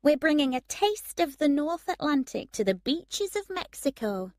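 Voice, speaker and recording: A woman's voice: sits high, sing-song, normal speed, darkish tone, no echo, pitched above the performer's own voice. A woman voicing a tired young waitress with a dry sense of humour in a storybook reading. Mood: wry.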